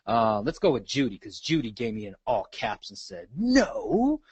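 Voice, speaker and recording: A man's voice: lowish voice, a little fast, breathy edge, dry recording, lo-fi sound. A man leading a live online sales training, asking the audience questions and checking in often. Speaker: real estate sales trainer.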